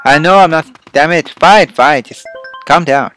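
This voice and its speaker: A young-sounding man with a slightly high voice commentates his platform game run, flipping between quiet muttering and loud outbursts of curses. Faint game music plays underneath. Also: measured pace. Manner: excitable, swearing, yelling at the game. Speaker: let's play host. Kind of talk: gameplay commentary.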